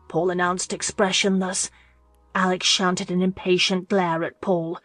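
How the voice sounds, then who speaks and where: A woman narrating a romance audiobook in a steady, measured way. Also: lowish voice, no room sound, soft background music. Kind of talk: scripted narration.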